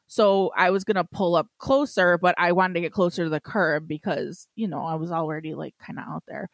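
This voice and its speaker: A woman's voice: lowish voice, fairly even intonation, fairly quick, no echo. A woman co-hosting a podcast in casual chat, ranting and swearing, raising her voice to act out what she and others said. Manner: ranting, profane, acts out quotes in a raised voice. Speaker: podcast co-host.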